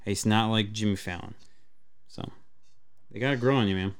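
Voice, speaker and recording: Animated, swearing male podcast host. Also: lowish voice, fairly quick. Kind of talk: casual profane chat.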